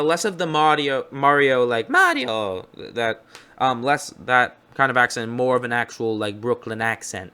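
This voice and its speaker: Young male host, mid-pitched, casual and upbeat reaction chatter, self-correcting. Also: pushed and bright.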